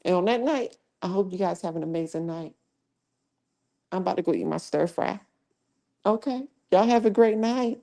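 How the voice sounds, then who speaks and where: A woman's voice: medium pitch, moderate pace, gravelly, long pauses, warm tone. A woman hosting a live true crime commentary stream, talking bluntly with heavy cussing and slang. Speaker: livestream host.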